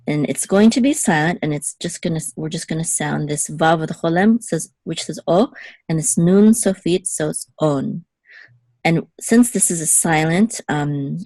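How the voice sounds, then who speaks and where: A woman's voice: sits low, a little mellow, dry recording. A woman teaching Hebrew reading one-on-one, patiently explaining each letter and vowel and checking in with her student. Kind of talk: one-on-one lesson.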